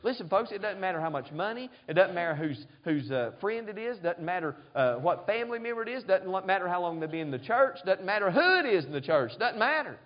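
A pastor with a high-pitched voice preaches a sermon at a quick, very animated pace with few pauses, pressing his points and repeatedly calling to the congregation for an "amen?" in call-and-response. The audio is dull and lo-fi, like an older church recording.

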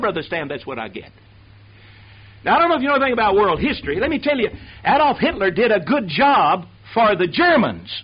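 High-pitched preacher guy with a husky voice, sermon on a dull lo-fi tape, keeps asking the crowd to say it back. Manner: calls on the congregation to answer aloud.

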